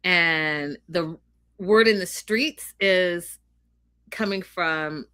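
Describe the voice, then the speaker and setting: A woman co-hosting a casual reality TV recap, retelling the drama in an animated way. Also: fairly low pitch, very slow, smooth. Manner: animated retelling of gossip with quoted voices. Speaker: podcast co-host.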